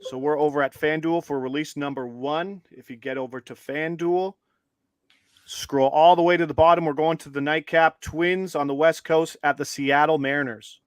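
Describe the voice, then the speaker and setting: A man's voice: on the high side, normal speed, clean tone, dry recording. Upbeat man co-hosting a betting stream. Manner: upbeat, steady and instructive, walks viewers through steps. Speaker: co-host.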